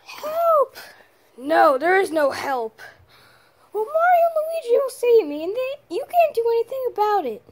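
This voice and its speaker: A woman's voice: extremely high pitch, very animated, moderate pace, a little mellow, voice pushed up. A captured princess who squeals frantically, voiced by a woman in a voice pushed far above her own. It is a homemade play with toy figures. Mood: frantic.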